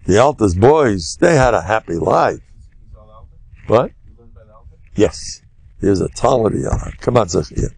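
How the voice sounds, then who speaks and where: An older man, a rabbi, giving a humorous Torah lecture full of animated storytelling. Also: lowish voice, unhurried, creaky, pauses often, husky, no echo. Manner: animated, humorous storyteller who loudly acts out quotes.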